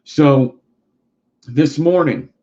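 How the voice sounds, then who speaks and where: A man hosts a casual livestream chat, rambling and swearing freely in a slightly high voice with a warm tone and drawn-out words. The audio has a dull, lo-fi quality.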